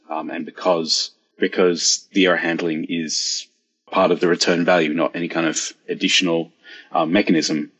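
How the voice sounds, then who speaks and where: Low husky guy on a podcast panel, thinks out loud, stops and restarts. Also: low-quality recording. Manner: thoughtful, halting. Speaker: guest panelist. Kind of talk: casual panel chat.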